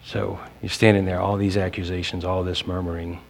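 Male pastor, fairly low voice, slow dramatic sermon delivery, speaks straight to the congregation. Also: flat delivery, gravelly, low-quality recording. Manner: slow, dramatic delivery with pauses, directly addressing mothers.

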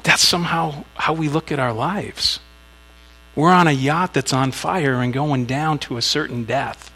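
A man delivers a sermon with a gravelly, creaky edge to his voice. He speaks conversationally and slips into small acted asides while telling a story. A faint electrical hum sits behind the recording. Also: fairly high pitch, a little slow, pushed and bright, rough recording. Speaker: pastor.

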